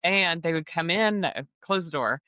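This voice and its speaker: Bright, lively middle-aged woman chatting. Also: normal speed, no echo. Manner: expressive, swings pitch widely, acts out quoted voices. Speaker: podcast co-host and coach. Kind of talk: casual conversational chat.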